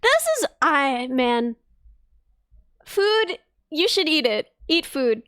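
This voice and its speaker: A woman streamer chatting casually on a live stream, animated and playful, jumping up in pitch when she mocks people. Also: slow pace, no echo, clean studio sound. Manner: animated, bouncy pitch, mocking voices.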